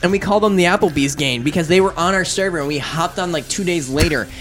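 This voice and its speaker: Animated male gaming storyteller. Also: sits high, quick pace, faint music behind. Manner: animated storyteller, acting out shouted quotes. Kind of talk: casual gaming chat.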